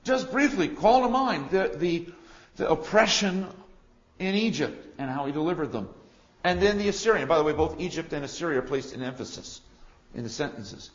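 Male preacher, fairly high voice, emphatic delivery with sudden soft asides; muffled lo-fi recording. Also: lively intonation, normal speed. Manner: emphatic, swings from loud declarations to quiet asides. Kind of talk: expository sermon.

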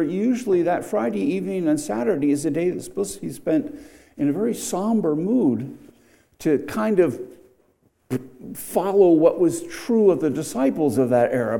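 Conversational male pastor, mellow tone. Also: sits high, creaky. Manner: conversational, with asides and restarts. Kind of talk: sermon.

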